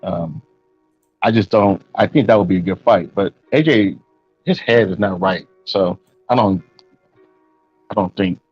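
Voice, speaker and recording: A man's voice: on the low side, a little slow, long pauses, darkish tone, breathy edge, no echo, soft background music. A man co-hosting a casual boxing chat who rambles hesitantly and keeps restarting his sentences. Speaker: boxing podcast co-host. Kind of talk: casual fight-talk chat. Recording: dry, dull lo-fi mic.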